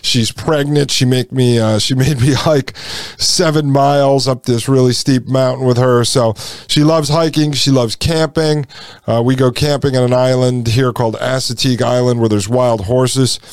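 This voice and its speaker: Talking to his listeners as folks, a male podcaster in his forties meanders through a story from his own life in a casual monologue. His voice is smooth and clear, middle-pitched with fairly even intonation and normal speed. The recording is dry, without echo.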